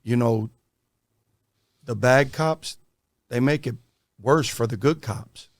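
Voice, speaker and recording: A man's voice: mid-range voice, slow pace, no room sound. A man who is a podcast guest, talking casually and with emphasis, often calling the host "bro". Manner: emphatic, says "bro" a lot. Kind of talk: casual conversation.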